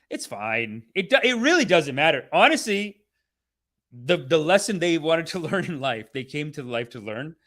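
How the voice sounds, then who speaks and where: Brief: young male host, higher-pitched voice, loose and swearing, acts out quotes for laughs. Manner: animated and profane, acting out others in mock voices. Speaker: show host reviewing a documentary series. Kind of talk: casual rambling review monologue.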